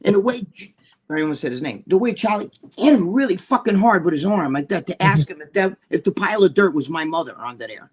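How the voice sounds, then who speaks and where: An older man co-hosting a podcast, telling a story in a profane, animated way and laughing as he goes. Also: sits high, fast, slightly rough. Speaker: podcast co-host. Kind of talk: casual storytelling chat.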